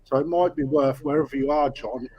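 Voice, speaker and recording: A man's voice: medium pitch, steady tone, a little fast, breathy edge, lo-fi sound. A man chatting as a guest on a live call, blunt and plain-spoken, with casual swearing. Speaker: guest who works at a koi store. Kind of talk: casual chat.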